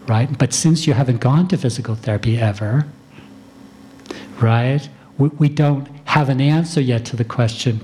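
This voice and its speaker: A middle-aged man, a physician, giving a talk to clinicians and calmly acting out conversations with patients. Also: mid-range voice, moderate pace, a little hiss or hum. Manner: calm, demonstrating doctor-patient dialogue. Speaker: physician lecturer. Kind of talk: lecture to clinicians.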